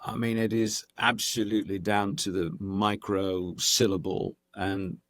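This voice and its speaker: Middle-aged male guest, Southern Californian, lowish voice, dry and close, animated storytelling with frequent restarts. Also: a little slow, dry recording. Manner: lively storyteller, restarts often. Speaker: guest actor and impressionist. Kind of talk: casual podcast chat.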